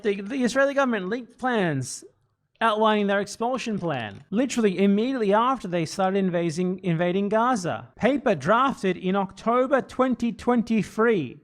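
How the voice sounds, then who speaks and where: A man hosting a live stream, giving sarcastic, argumentative political commentary. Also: high-pitched. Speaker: streamer host.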